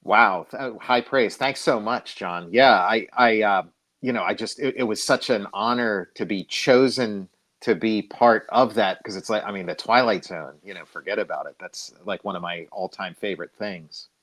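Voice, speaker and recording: Halting male interview guest. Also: fairly low pitch, a bit bright. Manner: halting, self-interrupting, many fillers. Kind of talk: casual interview chat.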